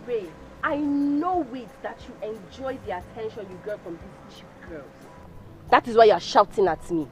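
An actress with a Nigerian accent playing a jealous young woman who confronts her boyfriend with sharp complaints. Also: fairly high pitch, moderate pace, soft background music, natural voice. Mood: indignant. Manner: indignant, sharp rising complaints.

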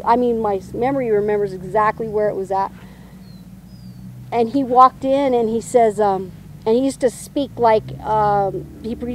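A woman earnestly telling a personal testimony, halting with many restarts and ums. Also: mid-range voice, a little mellow, slight background noise.

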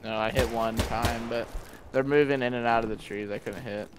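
Mid-pitched dude trash-talking his buddy mid-match, gunfire going off nonstop. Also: fairly even intonation, moderate pace, background noise. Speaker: gaming partner. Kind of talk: casual gameplay chat. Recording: game audio with loud gunfire.

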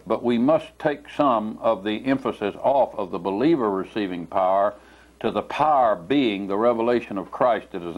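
A man preaching a teaching sermon in a meeting room, speaking slowly and deliberately and leaning hard on single words. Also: on the low side.

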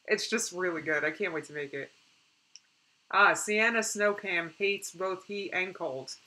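Young woman streamer just chatting w her viewers, bright voice, loose and animated, laughs a lot. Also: lowish voice, takes it slowly, pauses often, rough recording. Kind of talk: casual live-stream chat, reading viewer comments.

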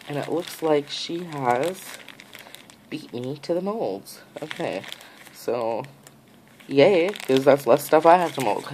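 A woman in a casual unboxing vlog, gushing and excitable, full of gasps and exclamations. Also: low voice, a little hiss or hum, poor audio. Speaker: nail art vlogger.

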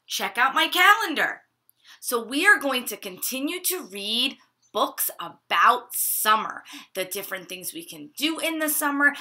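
A woman reading a picture book to children at home, pausing to ask them questions about feelings. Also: fairly high pitch. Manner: asks children questions, expressive. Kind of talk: children's story time read-aloud. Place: living room at home.

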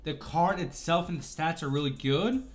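A man with a somewhat high voice hosts a gaming channel, talking at normal speed with faint music behind him. Chatty and upbeat, he goes through game cards and apologizes for slips while he has the hiccups.

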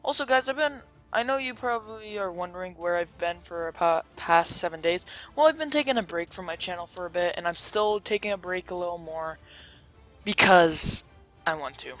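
A YouTuber giving chatty, rambling commentary over a pirate game, with sudden loud excited outbursts. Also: mid-range voice, normal speed, soft background music. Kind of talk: gameplay commentary.

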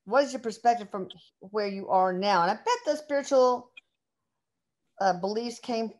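A woman hosting an interview, plain and mid-pitched. She asks questions with eager curiosity and keeps the exchange going with short replies. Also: normal speed, darkish tone.

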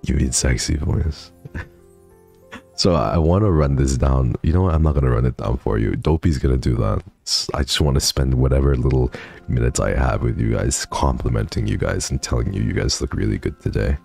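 A man's voice: a bass voice, animated, fairly quick, vocal fry, darkish tone, breathy edge, faint music behind. A man streaming from home, chatting casually and thanking viewers, sleepy and swearing freely. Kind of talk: casual chat reading donations.

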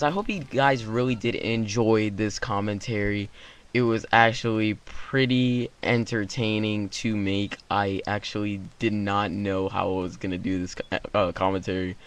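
A young man hosting his channel, telling a story-time tale in an animated way and acting out the quotes. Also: fairly low pitch, measured pace. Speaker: YouTube channel host.

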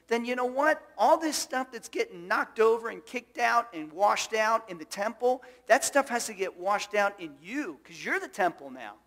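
A man's voice: high voice, a bit bright, big-room sound. A male pastor delivering a sermon, emphatic and full of rhetorical questions to the congregation. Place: church sanctuary.

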